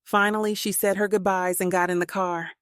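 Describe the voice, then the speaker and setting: A woman narrating a novel in steady, plain storytelling, recorded on a close mic. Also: medium pitch, fairly quick, smooth, no echo. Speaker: audiobook narrator. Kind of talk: scripted narration.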